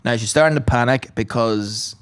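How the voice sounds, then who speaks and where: A man's voice: mid-range voice, normal speed, smooth. A man, a podcast host telling a rambling anecdote in casual chat, full of swearing and impressions.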